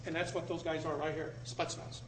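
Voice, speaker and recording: A man giving a public talk to a live audience in a room, emphatic, repeating words and swinging between loud and low. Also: little pitch movement, fast talker, a little hiss or hum. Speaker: speaker addressing an audience.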